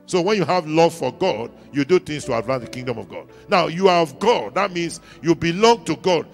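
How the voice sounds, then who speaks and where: Gravelly Nigerian pastor preaching emphatically. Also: male voice, on the high side, expressive, fairly quick, faint music behind. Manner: emphatic call-and-response preaching, repeating lines. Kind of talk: sermon. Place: church.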